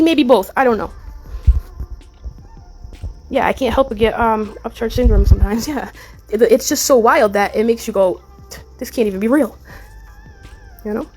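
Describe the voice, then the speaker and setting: A woman's voice: on the high side, a little mellow. A woman hosting a casual livestream commentary, talking bluntly and animatedly, swearing and laughing often. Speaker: YouTube commentary host.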